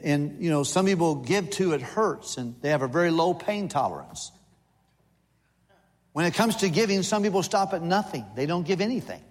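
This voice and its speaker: Older guy preaching a folksy sermon, kinda high voice, echoey sanctuary. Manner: folksy, humorous preaching with lists and asides. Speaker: visiting missionary preacher. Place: church sanctuary.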